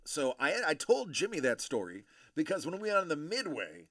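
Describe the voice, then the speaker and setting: A man in his thirties telling a story in casual chat, acting out the people in it with animated voices. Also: a little high, moderate pace, no room sound. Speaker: show host telling a story.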